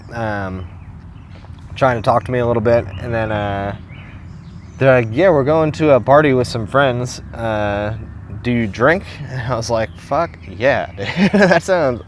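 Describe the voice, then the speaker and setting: A man's voice: medium pitch, slight background noise. A young man from New York telling a hitchhiking story in loose, casual talk, swearing freely and laughing often. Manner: loose and profane, laughs often, lots of fillers.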